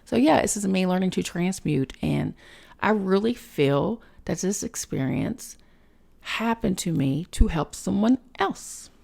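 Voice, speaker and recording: A woman's voice with a heavy gravelly fry running through it, pitched in a middle range. She hosts a spiritual podcast and talks through a candid personal monologue. She is frank and emotional, swears without a second thought, and keeps it loose with plenty of fillers. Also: expressive, unhurried, a little mellow.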